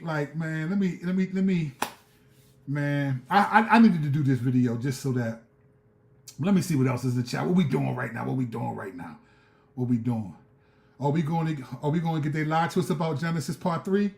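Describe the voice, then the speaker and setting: Male streamer host, fervent street-slang preacher, slightly high voice, echoey room. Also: moderate pace, gravelly, darkish tone. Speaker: show host. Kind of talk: live-stream commentary.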